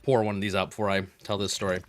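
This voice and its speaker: A man streaming a game, chatting casually with viewers and telling rambling, animated stories between moves. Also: fairly low pitch, racing, no echo. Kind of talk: casual gaming stream chat.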